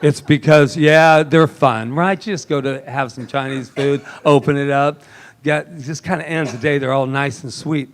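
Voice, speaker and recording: A man preaching a lively sermon in a church service, joking and laughing often with the congregation. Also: a little high, moderate pace. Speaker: minister.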